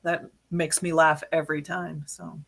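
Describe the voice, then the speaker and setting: A woman from California co-hosting a call-in show, easygoing and quick to laugh. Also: low voice, level tone, creaky, fairly bright tone. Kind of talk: casual chat.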